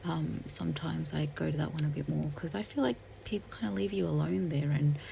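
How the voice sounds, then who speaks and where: A woman telling a story while doing her makeup, soft-spoken and hesitant, with many fillers and restarts. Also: sits low, a little fast, creaky, a little hiss or hum, low-quality recording. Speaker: beauty vlogger. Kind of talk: get-ready-with-me storytelling.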